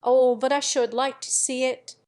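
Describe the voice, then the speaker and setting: A woman reading the part of an eager young woman who paints, with a pleading, lively manner. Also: high voice, moderate pace, voice pushed up, lightly acted.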